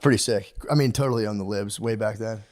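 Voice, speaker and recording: A man's voice: lowish voice, quick pace, darkish tone. Rambling profane podcast guy. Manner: loose, profane, slips into goofy quoted voices. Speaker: podcast co-host. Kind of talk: casual chat.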